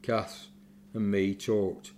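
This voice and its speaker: Older veteran, low voice, plain-spoken and reflective memoir teller. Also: male voice, little pitch movement, extremely slow, darkish tone, slight background noise. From England, Sheffield. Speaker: war veteran recounting memories. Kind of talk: personal memoir recollection.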